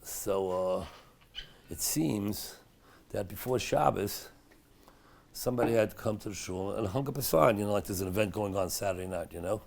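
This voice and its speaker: A middle-aged man, a rabbi, teaching a Torah class in a synagogue study hall in a chatty, anecdotal way, dropping to a hush at dramatic moments of his stories. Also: lowish voice, moderate pace, gravelly, a little hiss or hum. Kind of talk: storytelling Torah lecture.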